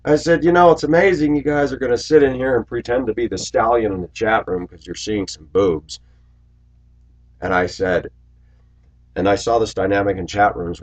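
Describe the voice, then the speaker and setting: A man in his forties telling stories in a rambling monologue to his viewers, raising his voice loudly when he acts out what people said. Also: fairly low pitch, highs cut off. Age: 40s. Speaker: video blogger. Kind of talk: casual monologue to camera.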